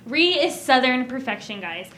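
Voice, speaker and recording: A woman's voice: high voice, very animated, normal speed, a bit bright, a little hiss or hum. A young woman from Illinois hosting a campus show, bubbly and talkative, laughing often as she chats with guests. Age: young adult. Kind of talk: casual interview chat.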